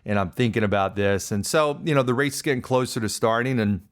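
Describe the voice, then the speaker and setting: A man hosting a podcast, telling a personal story in an animated, self-deprecating way. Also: medium pitch, quick pace. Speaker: podcast host. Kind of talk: casual storytelling monologue.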